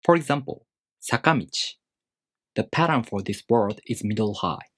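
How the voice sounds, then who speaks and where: A man teaching a language lesson, explaining rules step by step in a measured, scripted way. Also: fairly low pitch, expressive, slightly rough, no room sound, clean studio sound.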